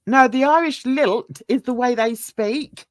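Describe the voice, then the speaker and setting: A woman's voice: a little high, measured pace, no room sound, clean studio sound. An older woman hosting a casual livestream chat, rambling and laughing often. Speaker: host.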